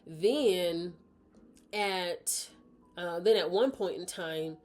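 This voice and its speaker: Woman, casual book review, chatty, rambling, self-correcting, lowish pitch. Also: drawn-out words, a little mellow.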